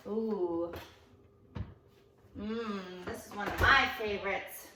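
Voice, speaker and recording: A young woman teaching young children phonics in a playful, animated sing-along lesson, singing short song lines between sounds. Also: medium pitch, slow pace, pauses often, background noise.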